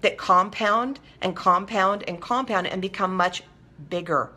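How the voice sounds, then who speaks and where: A woman's voice: medium pitch, measured pace. A woman hosting a talk show, speaking conversationally and acting out short everyday exchanges while checking in with her listeners. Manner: animated, acts out little dialogues in quotes. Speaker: host. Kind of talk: talk show monologue on recovery.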